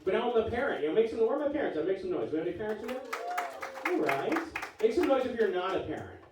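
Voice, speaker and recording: A man in his forties works a live comedy audience with punchy, profane punchlines. His voice sits slightly high and sounds far from the mic in a very echoey club. A crowd laughs clearly behind him. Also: very animated, quick pace, very noisy. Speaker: stand-up comedian. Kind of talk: stand-up comedy set.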